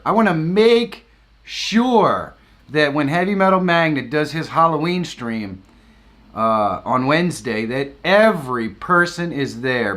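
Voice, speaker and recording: A man's voice: fairly high pitch, fairly bright tone. A man hosting a live stream, greeting viewers by name with upbeat enthusiasm and the occasional whoop.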